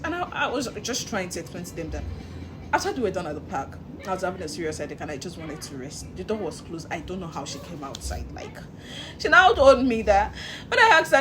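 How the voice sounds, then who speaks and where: A woman's voice: mid-range voice, brisk. A woman, vlogging as she tells a story with feeling and bursts of laughter. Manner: animated, emotional retelling with laughs. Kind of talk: casual storytelling to camera.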